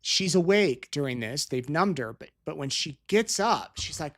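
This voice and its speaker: A man's voice: a little high, animated, moderate pace, few pauses, fairly bright tone. A middle-aged man hosting a live show, chatting casually in a rambling way, with restarts and tangents as he answers viewer questions. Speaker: show host. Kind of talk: casual live-stream chat. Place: Utah.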